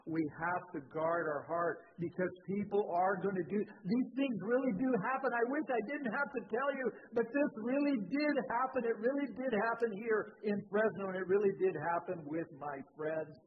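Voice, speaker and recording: A male pastor tells a story from the pulpit in a lively, storytelling manner, his voice jumping high and loud when worked up. His voice sits a little higher than most men's. The sound is thin and phone-like, with a faint hiss underneath. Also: normal speed, few pauses. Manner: animated storytelling with sudden rises in pitch and volume. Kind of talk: sermon with personal storytelling.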